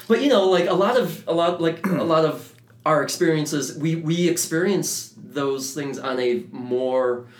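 A man from Detroit who speaks as a podcast guest in halting, casual conversation and often searches for his words. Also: a little high. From Detroit, USA. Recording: roomy echo.

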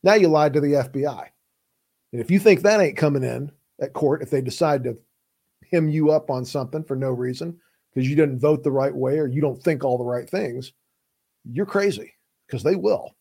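A man's voice: on the high side, moderate pace, gravelly, mellow, slightly rough. A man who hosts the show and works as a criminal defense lawyer, explaining legal rights in an emphatic, plain-spoken, urgent way. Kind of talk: casual explainer talk.

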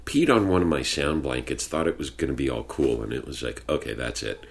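Deep-voiced man telling profane stories. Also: expressive, brisk, vocal fry. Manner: profane, storytelling, laid-back drawl. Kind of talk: casual chat. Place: home studio with sound blankets.

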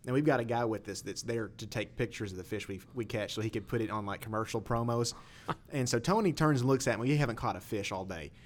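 A man telling a fishing story in a casual chat, animated and laughing as he goes. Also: mid-range voice, fast, slight background noise.

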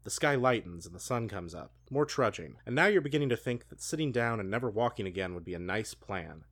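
A man co-hosting a show, reading a gamebook aloud with hushed dramatic delivery and laughing asides. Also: fairly low pitch, expressive. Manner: hushed and slow when reading, then swearing and laughing in asides. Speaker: podcast co-host reading a book aloud. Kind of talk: dramatic read-aloud with banter.

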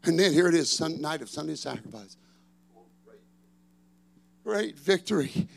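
A middle-aged man, a pastor preaching a sermon, swinging from shouted refrains to chatty storytelling. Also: fairly high pitch, expressive, unhurried, creaky.

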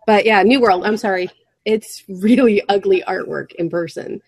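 A woman's voice: medium pitch, husky, no echo, poor audio. Woman, mid-range voice, casual podcast co-host who tells stories with plenty of fillers; dry recording. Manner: chatty storyteller, quick back-and-forth with frequent fillers. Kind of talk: casual round-table chat.

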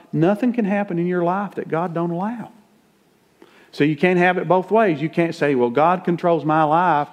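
A folksy middle-aged pastor with a highish, slightly mellow voice delivers a conversational sermon. His preaching is plain-spoken and builds with rising emphasis.

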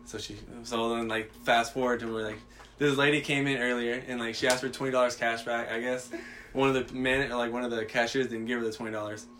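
Man, young adult, casual storytelling, profane, acts out quotes, quick delivery. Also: mid-range voice, flat delivery, fairly bright tone.

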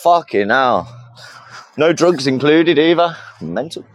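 A man's voice: fairly high pitch, animated, slow pace, dry recording. Chatty English man with slang. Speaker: caller on a livestream. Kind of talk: casual chat.

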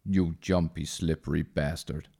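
A man doing an impression of a gruff, sarcastic male demon hero, aiming for a deep manly growl. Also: fairly even intonation, unhurried, dark tone, heavily acted.

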